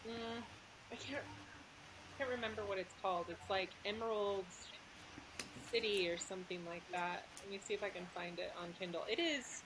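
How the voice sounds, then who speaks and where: A woman's voice: medium pitch, moderate pace, background noise. A woman author, a guest on a podcast, chatting casually and laughing often.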